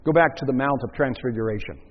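A man's voice: medium pitch, expressive, quick pace. A male pastor preaching an emphatic sermon, leaning on key words and repeating them for stress, recorded in a church with long reverb and dull, lo-fi sound.

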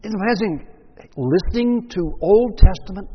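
A male pastor delivers an emphatic sermon, stressing and repeating key words. His voice is husky and a touch high. The recording is dull and lo-fi, with a long church reverb behind every line. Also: animated, moderate pace.

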